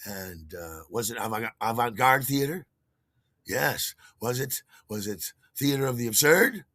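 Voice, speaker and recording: An older podcast host spins a casual, rambling story at a measured pace, restarting sentences and chuckling at himself. Animated, he acts out quotes in a higher voice; his own voice is bright and tense, recorded close and dry with no room sound or echo.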